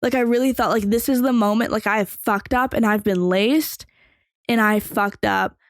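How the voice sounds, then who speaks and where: A woman's voice: a little high, fairly even intonation, moderate pace, no room sound. Young woman rambling through a story, dry sound. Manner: rambling, filler-heavy, swearing freely. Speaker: podcast host. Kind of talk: casual storytelling.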